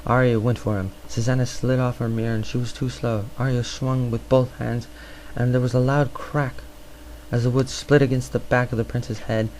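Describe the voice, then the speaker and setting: A man reads a novel aloud, often tripping over words and starting them again. His voice sits at mid pitch with plain, unpolished narration. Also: little pitch movement, normal speed, darkish tone, a little hiss or hum, low-quality recording. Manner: stumbling, restarts words. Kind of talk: amateur audiobook reading.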